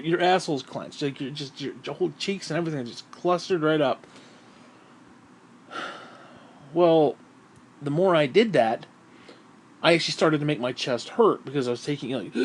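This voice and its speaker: A man's voice: a little high, darkish tone. A man talking through a profane, rambling vlog monologue, short of breath and sighing often. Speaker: vlogger.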